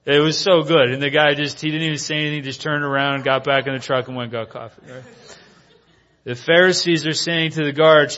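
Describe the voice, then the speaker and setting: A man's voice: mid-range voice, steady tone, fairly quick, fairly bright tone. A man preaching a sermon in an earnest, storytelling way that is full of rhetorical questions. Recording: dull lo-fi recording.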